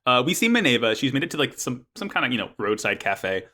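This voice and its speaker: A man's voice: mid-range voice, big pitch swings, fast talker, bright, forceful tone. A young man casually recapping an anime episode as podcast co-host, rambling with lots of ums and likes.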